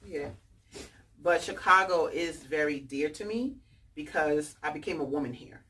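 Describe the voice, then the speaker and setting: A woman in her forties from New York with a New York accent, chatting in a lively, slangy way to an audience at a bookstore event. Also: deep voice, a little slow. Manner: animated, chatty, slangy storytelling. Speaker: author speaking at a bookstore event. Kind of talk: casual talk to a live audience. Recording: distant mic with faint background noise.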